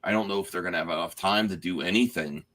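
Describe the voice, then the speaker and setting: A man chatting casually about a TV finale, animated and often restarting his sentences. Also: low voice, quick pace. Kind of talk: casual spoiler chat.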